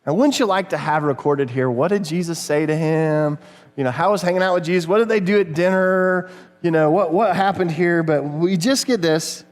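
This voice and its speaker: High-voiced man preaching in a reverberant church. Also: normal speed. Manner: conversational, storytelling, addresses kids. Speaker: pastor. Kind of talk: sermon. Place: church sanctuary. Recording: long reverb of a church hall.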